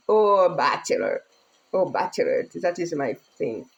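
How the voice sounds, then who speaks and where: A woman's voice: fairly low pitch, sing-song, slow, creaky, lo-fi sound, a little hiss or hum. Woman rambling in broken English. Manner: rambling, emotional, laughs often, broken English. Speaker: vlogger. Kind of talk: casual chat.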